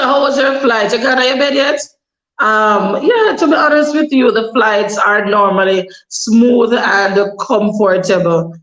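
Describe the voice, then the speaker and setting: Chatty Jamaican woman in echoey room. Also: medium pitch. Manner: chatty, advising, slips into patois. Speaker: vlogger. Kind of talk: casual advice vlog.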